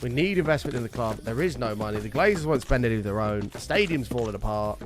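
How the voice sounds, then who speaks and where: A man's voice: medium pitch, lively intonation, fast, background noise. A British man chatting live to his stream viewers, ranting heatedly and swearing often. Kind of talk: casual live-stream chat.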